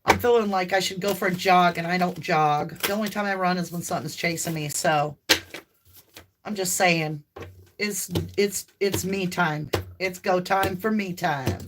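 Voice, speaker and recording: A woman from the American South, with a light Southern US accent and a lowish voice, speaks at a moderate pace over a noisy background. She hosts a live tarot stream in casual chat, talking a lot, laughing often and breaking into loud whoops.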